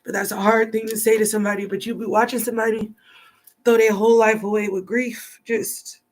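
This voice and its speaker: A woman's voice: on the high side, flat delivery, a little fast. A woman giving a rambling, chatty tarot card reading, thinking aloud as she goes. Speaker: tarot reader.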